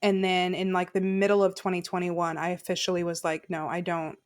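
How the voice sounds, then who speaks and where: A brisk woman with a fairly low voice and little pitch movement opens up about a personal story on someone's podcast. Her casual, chatty delivery is laced with "like" and laughter.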